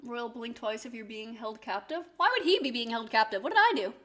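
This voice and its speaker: A woman's voice: a little high, lively intonation, fairly quick, fairly bright tone. A woman streaming and chatting casually, rambling with lots of fillers. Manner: chatty, rambling with many likes and rights.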